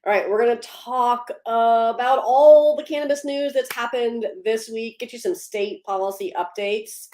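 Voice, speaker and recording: A woman's voice: fairly high pitch, normal speed, hardly any pauses, a little mellow, roomy sound. A woman hosting a casual livestream, upbeat, greeting viewers by name and laughing easily between policy updates. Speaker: livestream host.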